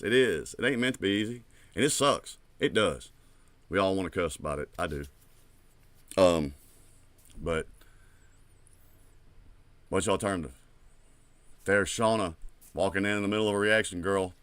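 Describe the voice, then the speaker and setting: Man, music reaction host, casual rambling chat, lowish voice, dry sound. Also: measured pace, long pauses, no room sound. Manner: rambling, animated, swears casually.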